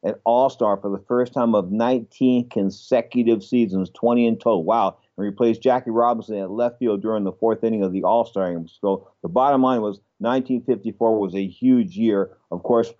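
A man's voice: lowish voice, normal speed, hardly any pauses, warm tone, highs cut off. A man hosting a radio sports show, rambling chattily with frequent exclamations. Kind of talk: casual radio talk.

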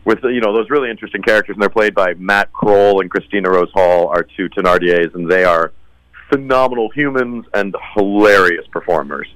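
A man's voice: on the low side, brisk, a bit bright, dry recording, rough recording. A man who acts in musical theater, answering interview questions in an earnest, conversational way. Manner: earnest, repeats words when starting. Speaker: musical theater actor guest.

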